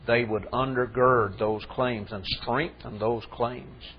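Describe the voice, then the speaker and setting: A man's voice: mid-range voice, steady tone, slow, dull audio, slight background noise. A man preaching a sermon in a conversational way that rises into fervent emphasis.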